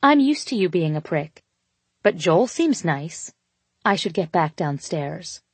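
Give me a woman reading a cool, sharp-tongued young woman, slow and deliberate, with a lowish tone. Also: sing-song, slightly rough, no echo, exaggerated voice. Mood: cool, cutting.

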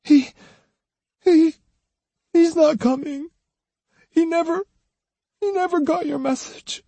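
A man's voice: sits high, big pitch swings, dark tone, husky, no echo, pitched above the performer's own voice, full character voice. A male audiobook narrator voicing a young woman who is hesitant and close to tears. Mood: sobbing. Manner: hesitant, tearful, halting. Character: young woman, tearful and pleading.

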